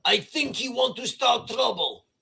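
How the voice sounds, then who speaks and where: A man's voice: very high-pitched, expressive, unhurried, creaky, bright, forceful tone, pitched above the performer's own voice, exaggerated voice. A man voicing a Russian henchman who eagerly reports to his boss in broken English with a mock Russian accent. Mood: conspiratorial.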